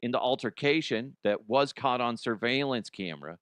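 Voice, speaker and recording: Man, middle-aged, comedy news host, rambling and crude, medium pitch, dry close studio mic. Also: animated, normal speed, a bit bright, smooth, no room sound. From Colorado, US. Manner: rambling, laughs often, crude jokes. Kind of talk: casual comedic news commentary.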